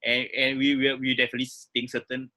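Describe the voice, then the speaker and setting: A man's voice: medium pitch, completely flat delivery, fast talker, bright, forceful tone. A man co-hosting a podcast, frank and rambling with lots of fillers. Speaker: podcast co-host. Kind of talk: casual podcast discussion.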